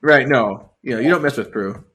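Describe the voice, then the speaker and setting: A man co-hosting a podcast, casually recapping a novel and acting out the characters' lines with quick laughs. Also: medium pitch, a little hiss or hum. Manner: animated retelling, acts out characters' lines with laughs. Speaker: podcast co-host. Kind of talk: casual book-recap chat.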